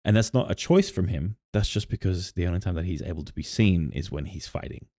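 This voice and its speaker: Brief: male podcast co-host, very low voice, rambling, dry close mic. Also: brisk, dark tone, no room sound. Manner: rambling storyteller with many "like" fillers and restarts. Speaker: podcast co-host and game master. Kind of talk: casual chat about tabletop campaigns.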